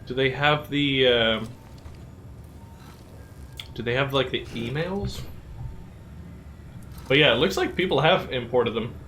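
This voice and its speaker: A man's voice: mid-range voice, fairly bright tone, a little hiss or hum. Casual male streamer thinking aloud. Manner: chatty, thinking aloud, halting. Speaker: streamer playing a game. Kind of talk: casual live-stream chat.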